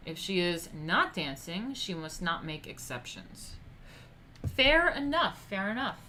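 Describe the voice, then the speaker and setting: A woman's voice: fairly low pitch, very animated, a little slow, sharp tone, slight background noise. A woman hosting a casual livestream, reading etiquette passages aloud and breaking off into blunt, profane asides to her viewers.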